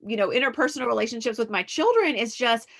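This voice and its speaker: A woman's voice: a little high, animated, fast talker, vocal fry, fairly bright tone. A woman hosting a conversation about parenting, chatty and affirming, often agreeing with her guest. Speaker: host. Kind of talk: conversational talk show.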